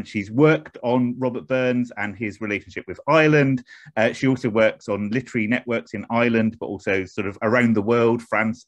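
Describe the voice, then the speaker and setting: Hesitant English man, lowish voice. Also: dry recording. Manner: hesitant, self-deprecating. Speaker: host of an online academic event. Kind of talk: informal introductions on a video call. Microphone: computer mic on a video call.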